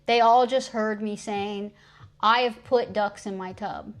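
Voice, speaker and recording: Her voice sits in the mid range, with fairly even intonation and a measured pace. Streaming live from home through a streaming mic, the young woman practices French phrases, chatting easily and laughing whenever she slips up.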